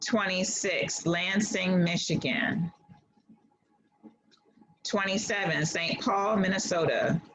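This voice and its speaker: A woman tutoring a class over a video call, reading answers in a patient, steady way. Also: medium pitch. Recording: dull video-call audio.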